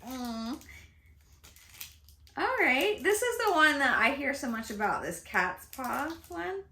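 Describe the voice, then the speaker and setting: A chatty, excitable woman in her fifties, vlogging casually to camera about beauty at home and laughing often. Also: sits high, takes it slowly, long pauses. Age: 50s.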